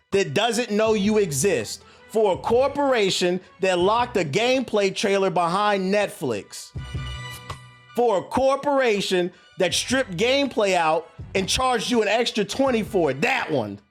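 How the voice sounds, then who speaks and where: A man streaming live, ranting at his viewers in a heated, mocking and profane way. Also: high voice.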